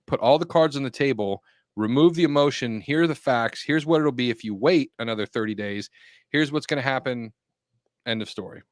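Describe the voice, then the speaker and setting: A man's voice: mid-range voice, fairly quick, no echo, clean studio sound. A man co-hosting a real estate podcast, giving direct, matter-of-fact advice and laughing easily. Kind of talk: casual chat and advice.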